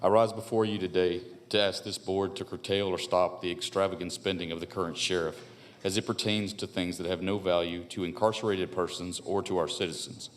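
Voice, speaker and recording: An older, retired man reading a prepared statement at a county board meeting, earnest and measured, returning to a repeated refrain, speaking at a podium microphone. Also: deep voice, steady tone. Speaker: public commenter.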